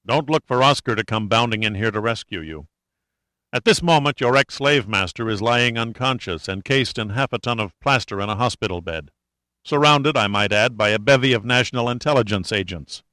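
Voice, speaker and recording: A man's voice: mid-range voice, lively intonation, brisk, bright, forceful tone, no room sound. Weary, tough male adventurer, read by a narrator. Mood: grim. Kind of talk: audiobook character reading.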